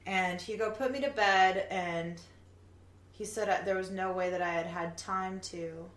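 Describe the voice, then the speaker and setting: A woman telling her own stories in an animated way, swearing now and then, in a casual group chat. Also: lowish voice, a little slow. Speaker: guest. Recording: echoey room, faint background noise.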